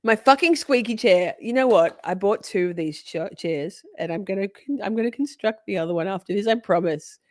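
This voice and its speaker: This livestream host is a woman with a medium-pitched, brisk voice and hardly any pauses, recorded in a clean studio with no echo. She chats casually and playfully with her viewers, laughing often, swearing freely and speaking straight to her audience.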